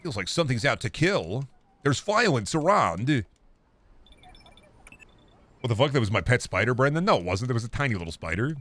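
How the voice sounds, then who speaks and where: A man's voice: mid-range voice, big pitch swings, moderate pace, pauses often, fairly bright tone. Rambling, profane male game streamer. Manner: profane, rambling, self-talking. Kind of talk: casual gaming stream commentary. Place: home streaming room. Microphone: close desk microphone.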